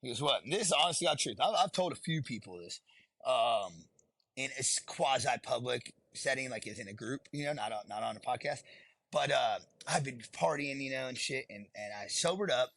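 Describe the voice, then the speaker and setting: Middle-aged man, gravelly and husky, blunt and profane storyteller, podcast guest. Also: mid-range voice, animated, fairly quick, a bit bright, no room sound. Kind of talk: candid storytelling.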